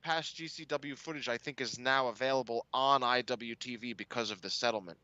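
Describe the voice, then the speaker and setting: A man co-hosting a wrestling podcast, asking lots of curious questions in a halting way. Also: mid-range voice, pushed and bright, dry recording. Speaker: podcast co-host. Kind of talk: casual podcast chat. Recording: dull lo-fi audio.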